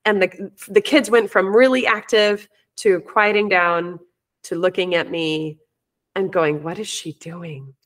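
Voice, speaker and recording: A woman talking in an open, reflective way, the way a teacher and parent coach tells a story from her classroom. Her voice sits at a middle pitch, and she often restarts a sentence as she thinks it through. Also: fairly even intonation, a little slow, a bit bright. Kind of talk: casual conversational interview.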